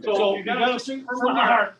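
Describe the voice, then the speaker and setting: A man's voice: very high voice, fairly even intonation, moderate pace. A man leading songs at a club dinner meeting, joking and rambling in a casual way. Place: dinner meeting room with members present. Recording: echoey room from far off with crowd noise.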